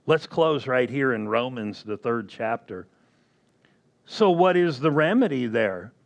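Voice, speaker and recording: A man preaching a sermon slowly and emphatically, often asking the congregation questions. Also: medium pitch, animated, creaky.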